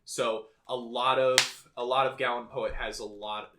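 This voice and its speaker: A man's voice: mid-range voice, level tone, a little slow, noisy background. Young male podcast co-host, bookish, rambles with many restarts. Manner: reads poetry aloud. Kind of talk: casual chat.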